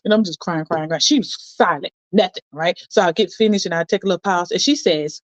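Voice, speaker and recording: A woman's voice: on the low side, fairly quick, few pauses, dry recording, highs cut off. A middle-aged woman co-hosting a live chat show, telling stories with lots of feeling. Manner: animated, emotional storyteller. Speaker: co-host.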